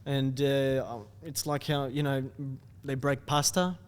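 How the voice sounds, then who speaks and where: A young Australian man, a content creator, telling stories in a loose, animated way and laughing often. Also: medium pitch, slow, clean tone, big-room sound. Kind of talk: casual storytelling chat.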